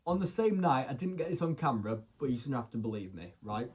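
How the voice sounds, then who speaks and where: A young man chats to camera as a vlogger, telling loose, rambling anecdotes. His voice sits at an ordinary middle pitch, and he strings his stories together with easygoing fillers. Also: sing-song, quick pace, a little mellow, husky. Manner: chatty, rambling, lots of "so anyway" and "like". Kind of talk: casual storytelling to camera.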